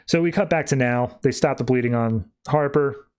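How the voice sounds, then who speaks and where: A man's voice: mid-range voice, moderate pace, a little mellow, smooth. A man hosting a podcast and casually recapping comic book plots, rambling with lots of fillers. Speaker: podcast host.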